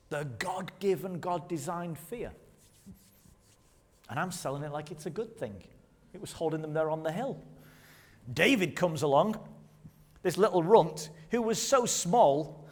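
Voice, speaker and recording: A man with a high voice preaches a sermon in a church hall. His voice carries a long reverb. He talks in a lively, conversational way, asking the congregation plenty of rhetorical questions. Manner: leads the congregation in call-and-response. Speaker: pastor.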